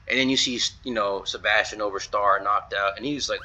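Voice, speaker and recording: Bright-voiced casual male game reviewer. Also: on the low side, normal speed, few pauses, soft background music, low-quality recording. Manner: retells scenes in a loose run of "he's like" quotes, with fillers. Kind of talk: casual commentary video.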